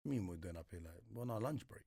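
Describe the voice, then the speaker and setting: A man's voice: on the low side, very fast, vocal fry, husky, dry recording. A young man with a London accent, telling stories from his life in a casual interview, full of street slang and acted-out quotes. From Congo. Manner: London slang, animated retelling with voiced quotes. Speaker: guest.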